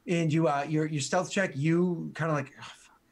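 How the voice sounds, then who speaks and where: A man's voice: on the high side, fairly even intonation, moderate pace. A man narrating as game master, rambling with many fillers and restarts.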